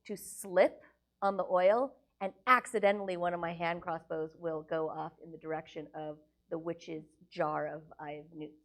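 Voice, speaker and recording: A woman playing a tabletop game, bubbly and excitable, with frequent gasps and squeals. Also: lowish voice, normal speed. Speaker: player. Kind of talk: casual tabletop play.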